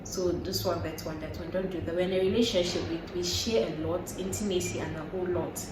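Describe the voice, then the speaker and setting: Young woman, chatty host, quick to do voices; distant mic, echoey, noisy. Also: fairly low pitch. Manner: animated, acts out quoted voices with laughter. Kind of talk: casual chat. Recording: echoey room, voice from far off, noisy background.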